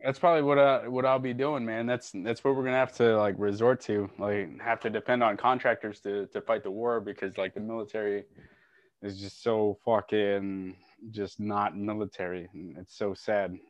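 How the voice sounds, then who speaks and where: A man's voice: fairly low pitch, little pitch movement, normal speed, dry recording. A man who is a serving soldier, talking bluntly and with frustration in casual chat, with a lot of swearing. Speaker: serving soldier, podcast guest. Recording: dry, dull lo-fi sound.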